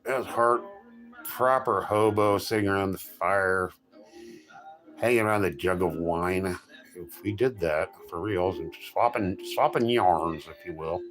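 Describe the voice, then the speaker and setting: A middle-aged streamer with a low, slightly bright voice speaks a little slowly as soft music plays in the background. He rambles casually to viewers, telling jokey stories and frequently backtracking to correct himself.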